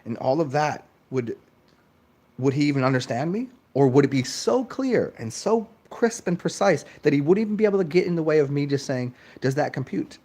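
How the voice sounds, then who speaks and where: Profane, animated man ranting. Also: a little fast. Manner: profane, animated, mimics others in high mocking voices. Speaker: channel host. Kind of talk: casual monologue rant.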